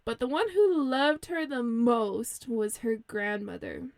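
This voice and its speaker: A young woman with a slightly high voice and a gravelly, fry-touched texture tells a fairy tale as a podcast co-host. She is chatty and giggly and fills her pauses with ums. The sound is dry and close. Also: a little mellow, no room sound. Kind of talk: casual storytelling chat.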